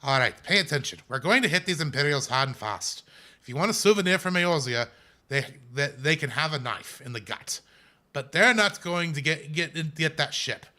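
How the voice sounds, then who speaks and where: Gruff sea captain rallying his crew, forceful and bright, as a man puts him on. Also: a little high, animated, moderate pace. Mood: rousing. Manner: put-on accent, rallying speech.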